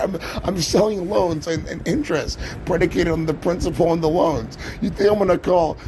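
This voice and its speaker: A man ranting on a livestream, swearing freely and cracking himself up as he goes. His voice sits on the higher side, and there's a faint hiss of ambience behind him. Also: a little mellow. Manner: profane ranting, keeps breaking into laughter. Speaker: livestream host.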